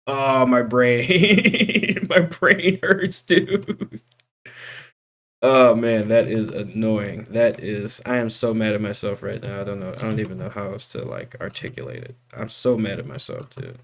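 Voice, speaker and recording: A man's voice: on the low side, animated, normal speed, gravelly, hardly any pauses. A young man streaming from his computer, chatting casually with his viewers and venting, full of slang like dude and bro. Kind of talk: casual live-stream chat.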